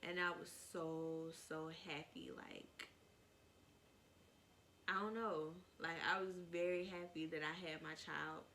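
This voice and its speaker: A woman's voice: lowish voice, a bit bright, a little hiss or hum. A young woman vlogger telling a casual, rambling story, with many "like"s.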